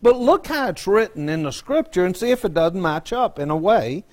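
A man's voice: sits high, sing-song, moderate pace, few pauses. A man, a pastor telling a joking, folksy story in a sermon.

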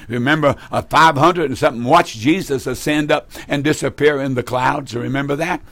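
A man's voice: medium pitch, a bit bright, dry recording. Man, broadcast preacher, fervent and emphatic, dry close sound. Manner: fervent, emphatic, repeats phrases.

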